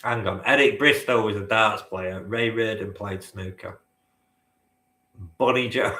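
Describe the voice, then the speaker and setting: A man's voice: on the low side, a little slow, bright, forceful tone, roomy sound. A man hosting a live-stream quiz, bantering with the chat and swearing now and then. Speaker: quizmaster.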